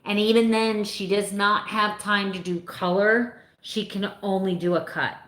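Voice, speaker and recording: A woman's voice: medium pitch, fairly even intonation, a little slow, fairly bright tone. A woman in her fifties chatting casually with her live viewers, rambling a little and laughing often. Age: 50s. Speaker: vlogger answering live chat. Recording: echoey room.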